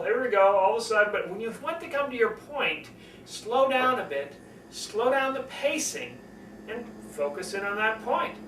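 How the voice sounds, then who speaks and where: A man coaching on public speaking, talking expressively and showing shifts in pace and pitch as he explains. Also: pushed and bright, reverberant, far from the mic, a little hiss or hum, low-quality recording. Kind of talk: instructional talk to camera.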